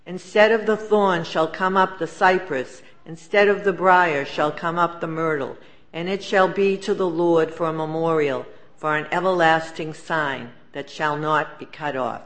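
Man reading scripture, measured and solemn. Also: on the high side, steady tone, a bit bright. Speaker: scripture reader.

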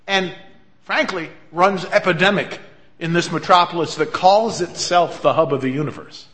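Male pastor, earnest storyteller, bright and forceful tone. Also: sits high, a little slow. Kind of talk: sermon.

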